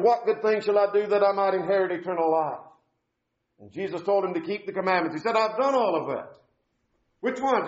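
A man preaching a sermon, emphatic, repeating key phrases and quoting scripture. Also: fairly high pitch. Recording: echoey, dull church recording.

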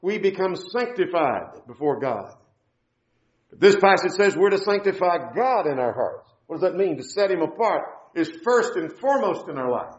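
A man's voice: high voice, very animated, moderate pace. A man preaching a sermon, emphatic, repeating key phrases and quoting scripture. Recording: echoey, dull church recording.

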